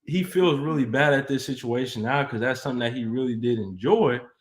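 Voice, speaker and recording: Relaxed man hosting an advice stream. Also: mid-range voice, a little fast. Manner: relaxed, loose, filler-heavy phrasing. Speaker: co-host of a relationship advice live show. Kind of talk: casual live-stream chat.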